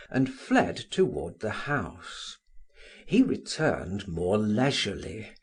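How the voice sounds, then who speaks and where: Audiobook narrator for a classic novel; slow, breathy, very expressive melody. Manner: slow, expressive reading with wide pitch swings. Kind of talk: reading a classic novel aloud.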